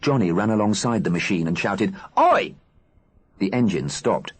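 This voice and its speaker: A man reading an audiobook aloud in an expressive, animated narrating style. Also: lowish voice, fairly quick, breathy edge. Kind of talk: scripted narration.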